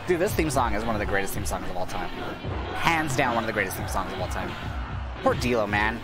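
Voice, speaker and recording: A man giving excitable, cursing commentary while playing a video game, his voice going hoarse. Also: on the low side, brisk. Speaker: gaming channel host. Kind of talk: casual gameplay commentary. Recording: game music loud behind voice. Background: video game music.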